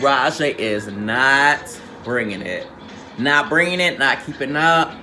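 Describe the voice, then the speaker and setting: A man's voice: on the high side, pushed and bright. A man recapping a reality show in a sassy, slangy, theatrical storytelling manner. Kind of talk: casual recap commentary.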